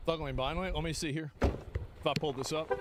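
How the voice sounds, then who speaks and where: A man streaming live, reacting bluntly to clips with profanity and sudden loud outbursts. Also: on the high side, fairly even intonation, normal speed, very noisy.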